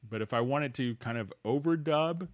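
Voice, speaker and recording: A man hosting a livestream, walking viewers through music software and answering their questions in a loose, halting way with many restarts. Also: medium pitch, dry recording, clean studio sound. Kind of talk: casual screen-share tutorial, answering viewer questions.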